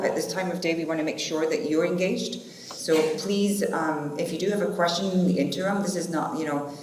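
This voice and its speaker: A woman with a lowish, slightly mellow voice moderates a conference panel in a chatty, informal way, using fillers. The echoey conference hall adds faint noise.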